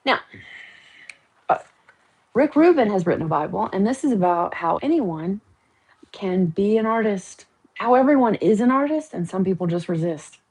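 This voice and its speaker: A woman's voice: medium pitch, animated, normal speed, pauses often, darkish tone, husky, rough recording. A woman hosting a casual livestream from home, chatting, joking and teasing as she talks. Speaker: livestream host. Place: at home, painting her nails.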